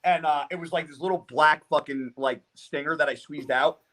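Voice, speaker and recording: Young male podcast guest, fairly high voice, cursing, laughing storyteller. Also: normal speed. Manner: profane, animated storyteller who often laughs mid-sentence. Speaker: guest, professional bodybuilder.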